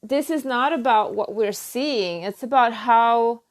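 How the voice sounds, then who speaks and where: A woman giving a halting, earnest spiritual talk on her own channel, full of restarts and "you know.". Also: a little high. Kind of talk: personal spiritual talk to camera.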